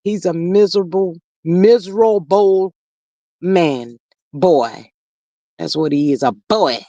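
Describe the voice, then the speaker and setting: A woman hosting a livestream, reading viewer comments aloud in animated, gossipy chat and calling out to y'all. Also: lowish voice, takes it slowly, no echo, dull audio. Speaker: livestream host.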